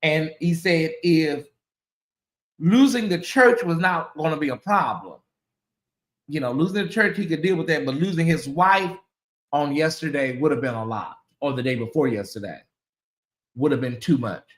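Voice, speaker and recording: A woman hosting a commentary channel, talking casually to her viewers, animated and repeating herself as she exclaims. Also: low-pitched, moderate pace, roomy sound.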